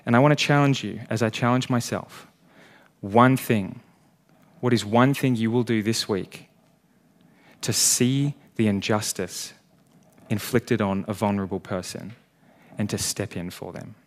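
A man preaching a sermon as pastor, earnest, building to emphatic peaks and then dropping quiet, before closing in prayer. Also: lowish voice, measured pace. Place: church.

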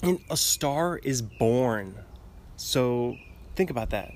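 A man in his twenties hosts a solo podcast, rambling through casual chat with frequent giggles and restarts. His medium-pitched voice is darkish, lively in intonation, and slow-paced.

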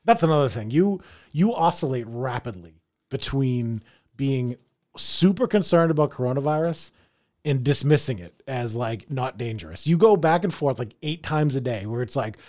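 Animated, teasing man in casual chat. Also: mid-range voice, moderate pace. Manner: animated, teasing, swears freely, laughs often. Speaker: podcast co-host.

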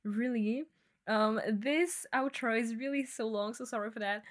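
A woman's voice: fairly high pitch, unhurried. A woman hosting her own podcast, talking casually and affectionately to her listeners with lots of fillers and little laughs. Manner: warm, gushing, affectionate, with frequent fillers and laughs. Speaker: podcast host. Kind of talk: casual solo podcast talk.

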